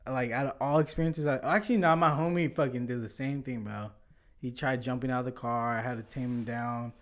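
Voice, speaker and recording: A man's voice: mid-range voice, fairly quick. A man casually telling a long story on a podcast, swearing often and acting out what people said. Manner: animated, swears often, acts out quotes. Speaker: podcast guest.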